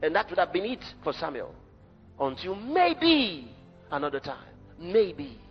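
A man preaching a sermon to brothers and sisters, emphatic, swinging from shouts to low, quiet drops. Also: sing-song, measured pace. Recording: muffled, long hall reverb, faint music.

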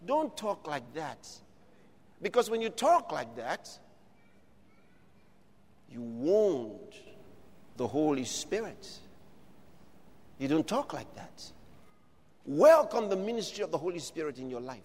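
A man preaching a sermon, building from steady teaching to shouted declarations. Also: fairly high pitch, takes it slowly, pauses often, long reverb tail.

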